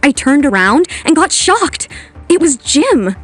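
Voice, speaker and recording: Narrator for an animated story, teen schoolgirl, brave and sarcastic, high bright voice. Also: measured pace, heavily acted. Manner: sarcastic, determined.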